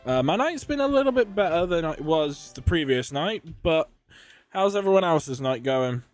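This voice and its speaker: A man's voice: on the high side, expressive, normal speed, faint music behind. British man swearing casually. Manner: joking, swears often, laughs at himself. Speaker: game streamer. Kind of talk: casual live-stream chat with viewers.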